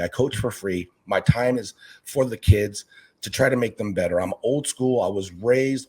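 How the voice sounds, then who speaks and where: Animated husky-voiced man telling stories. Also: lowish voice. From Northern California. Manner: animated storyteller, acts out quoted voices. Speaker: youth basketball coach and aquarium channel creator. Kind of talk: casual interview talk.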